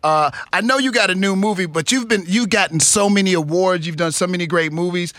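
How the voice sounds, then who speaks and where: A man's voice: sits high, brisk, a bit bright, no echo, clean studio sound. A man hosting a radio morning show, asking enthusiastic, rambling questions in casual chat.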